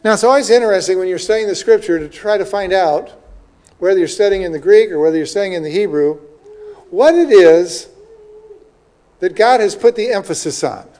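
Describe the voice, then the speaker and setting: A man preaching a sermon, reading scripture slowly and often checking in with the listeners with "okay?" and "right?". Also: high-pitched, dark tone. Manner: reads scripture aloud slowly with emphasis. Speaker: pastor. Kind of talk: sermon, Bible teaching.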